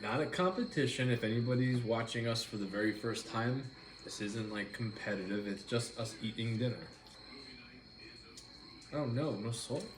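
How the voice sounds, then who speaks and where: This man's voice is medium in pitch and moderate in pace. He hosts a relaxed live stream over dinner at home, rambling and saying hello to viewers by name. There's clear background noise and a roomy feel to the audio.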